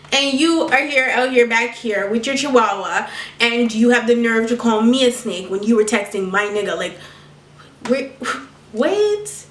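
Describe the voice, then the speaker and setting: A woman's voice: on the high side, animated, a little slow, fairly bright tone, far from the mic. A young woman vlogger telling a story with sass, profanity and laughter, recorded at home. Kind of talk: storytime vlog. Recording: echoey room, mic set back.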